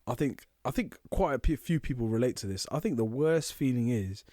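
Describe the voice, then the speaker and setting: A man co-hosting a podcast, telling animated stories and laughing often. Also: medium pitch, a little fast, no echo, clean studio sound. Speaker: podcast co-host. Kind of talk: casual chat.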